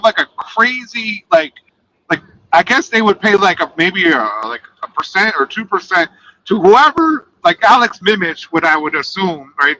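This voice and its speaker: A man's voice: sits high, bright, forceful tone, rough recording. A young man in casual podcast chat who fills his talk with "like" and curses. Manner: filler-heavy, full of "like", profane. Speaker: podcast co-host, trucker.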